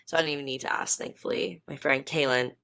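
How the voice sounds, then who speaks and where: A young woman in her twenties telling a story in a casual vlog, chatty and animated, laughing often and correcting herself as she goes. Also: extremely low pitch, quick pace, vocal fry, no echo. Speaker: vlogger.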